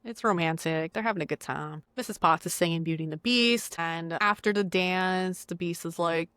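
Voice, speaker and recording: Animated young woman recapping a film. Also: on the low side, moderate pace, clean tone, no echo. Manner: animated, acts out characters' lines, swears freely. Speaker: podcast co-host. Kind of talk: casual chat recapping a film.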